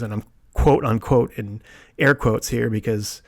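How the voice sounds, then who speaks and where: A man's voice: medium pitch, measured pace, creaky, husky. A man hosting a solo podcast, telling a personal story in a rambling way with restarts and quoted asides. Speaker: podcast host.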